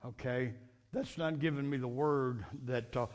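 A man's voice: mid-range voice, fairly even intonation, a little slow. A man preaching a fervent Sunday night sermon, repeating and restarting phrases as he builds his points.

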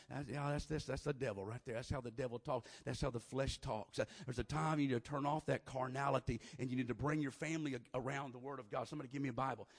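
A man preaching a sermon, moving from quiet conversational talk to loud, shouted preaching with lots of "uh" fillers. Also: fairly high pitch.

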